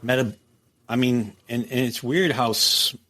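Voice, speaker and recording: Telling war stories in a casual interview, a middle-aged man who was a prison captain speaks unhurriedly at medium pitch. He is animated and profane, swearing freely and acting out quoted dialogue.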